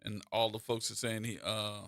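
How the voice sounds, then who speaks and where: A man hosting a call-in radio show, telling stories in an animated way with repeats and restarts, into a studio microphone. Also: lowish voice, moderate pace, no room sound. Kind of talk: call-in talk radio monologue.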